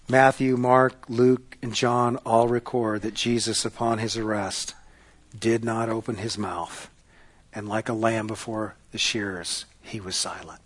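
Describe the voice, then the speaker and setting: A man preaching a sermon, telling a story dramatically and swinging between loud passages and hushed ones. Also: medium pitch, fairly even intonation, a little slow. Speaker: pastor.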